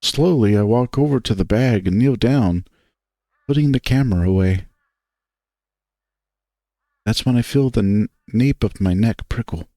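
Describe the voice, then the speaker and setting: Man, first-person story narration, slow pace, lively pitch. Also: no echo. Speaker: visual novel reader.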